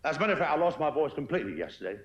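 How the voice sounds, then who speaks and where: Hoarse male comic, after-dinner speech, deadpan gags, self-mocking asides, high-leaning voice, muffled archive tape with loud crowd laughter. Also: racing, echoey room. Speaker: comedian and guest of honour. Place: banquet hall before a lunch audience.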